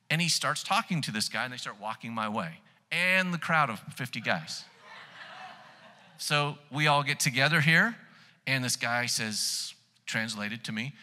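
A pastor tells stories from the pulpit with lively, building energy. His voice is very bright and cutting, set at an ordinary middle pitch for a man. The sound carries a long reverb from a church hall. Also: normal speed. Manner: animated storyteller, rising loud when excited. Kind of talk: sermon storytelling.

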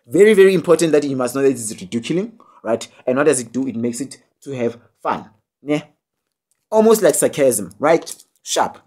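A man's voice: mid-range voice, a little mellow. A young man with a South African accent, giving a casual video tutorial on poetry with many fillers and tag questions, joking and scolding his students. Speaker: online tutor.

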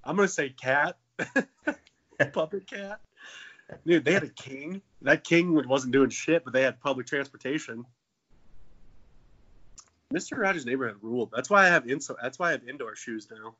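Here a co-host in his 20s on a casual comedy podcast keeps things jokey and profane, now and then breaking into silly high voices. He speaks at a moderate pace with long pauses and a sharp tone, heard through a muffled recording.

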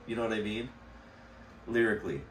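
A man's voice: on the low side, a little fast. A man co-hosting a casual reaction chat, easygoing and musing aloud with small restarts. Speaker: reaction video host. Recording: echoey room, distant mic, faint hiss.

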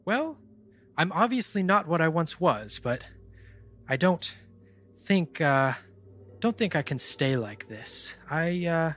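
A man's voice: a little high, very animated, slow, pauses often, a bit bright, pitched above the performer's own voice, full character voice. A man voicing a curious, breezy female spirit speaking through a dead half-orc's body in a tabletop game, with an airy, offhand manner.

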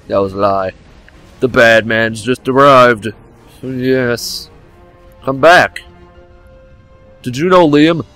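A man's voice: medium pitch, slow, pauses often, fairly bright tone, soft background music. A young man commenting on a game he is playing at home, joking and switching between mock drama and sudden yelps, sometimes leaning back from his desk microphone. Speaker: gameplay commentator. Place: home room by a game console. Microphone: desk microphone, leaning back from it now and then.

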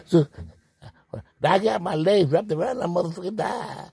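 A man's voice: high-pitched, moderate pace, vocal fry, pauses often, darkish tone, breathy edge. A man vlogging in a crude, joking monologue, laughing often and out of breath. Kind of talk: rambling comic monologue.

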